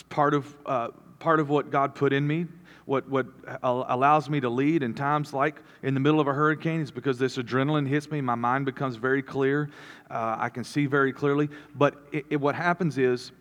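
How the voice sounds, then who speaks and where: A man's voice: mid-range voice, a bit bright. A man preaching a sermon as a pastor, talking earnestly and rambling through restarts. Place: church auditorium. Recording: long hall reverb.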